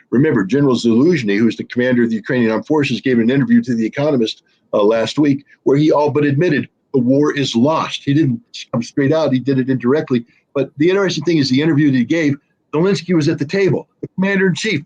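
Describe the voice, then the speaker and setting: Husky, emphatic man on a stream. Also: mid-range voice, darkish tone. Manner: emphatic, storytelling, sardonic. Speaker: guest analyst. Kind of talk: livestream political discussion.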